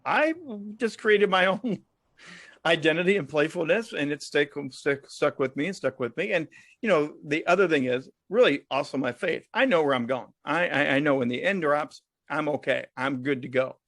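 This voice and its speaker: Jokey storytelling man, slightly high voice. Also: moderate pace, a bit bright, no room sound, clean studio sound. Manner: jokey, laughs often, acts out other people in stories. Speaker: podcast guest. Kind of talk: casual storytelling interview.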